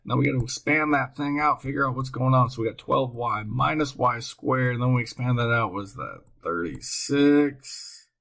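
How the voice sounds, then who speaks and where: A man teaching a recorded math lesson, thinking aloud as he works and talking to himself in an excitable way. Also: mid-range voice, moderate pace, creaky, few pauses.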